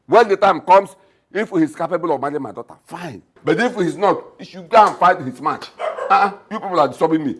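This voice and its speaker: A man's voice: on the high side, expressive, a little fast, husky. A scornful Nigerian father. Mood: mocking. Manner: mocking, loud, repetitive. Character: scornful middle-aged father, blunt and mocking.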